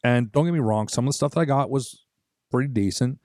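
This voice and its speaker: A man's voice: mid-range voice, a little fast, no room sound, clean studio sound. A man in his forties co-hosting a podcast, telling a childhood holiday story in casual chat, swearing freely and acting out what people said. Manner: animated, swears a lot, acts out quoted voices. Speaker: podcast co-host.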